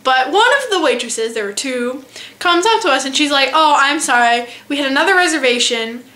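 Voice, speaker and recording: A teenage girl vlogging, telling a funny travel story in a casual, animated, self-mocking way. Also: sits high, a little fast. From United States. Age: teens.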